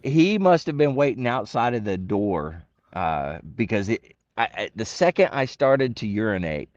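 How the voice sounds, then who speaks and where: A middle-aged man, a retired Marine, casually telling stories and acting out the voices of the people in them, with sudden jumps in pitch and laughter. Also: moderate pace, no echo, highs cut off. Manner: animated, acts out quotes with big pitch jumps and laughs. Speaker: interview guest, retired Marine. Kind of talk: casual storytelling.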